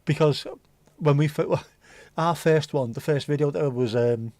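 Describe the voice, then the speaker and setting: A man's voice: on the high side, unhurried, a little mellow, no echo. A man hosting a livestream, rambling and swearing casually as he answers viewers' comments. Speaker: livestream host. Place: home livestream setup.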